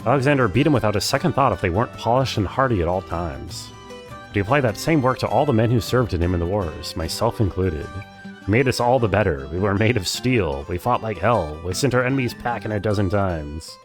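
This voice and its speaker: A man voicing a gruff old male soldier and grandfather, telling folksy, boastful stories while reading game dialogue aloud. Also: on the low side, animated, brisk, music in the background, natural voice. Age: older.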